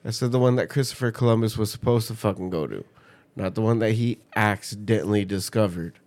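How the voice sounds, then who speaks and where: A man's voice: lowish voice, brisk, a little mellow. A man in casual conversation, blunt and mock-combative, swearing constantly. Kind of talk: casual chat.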